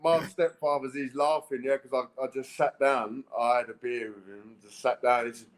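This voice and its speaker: A man, a boxer talking plainly in a casual interview, blunt and halting, with restarts. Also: mid-range voice, flat delivery, poor audio. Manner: plain-spoken, few words, halting restarts.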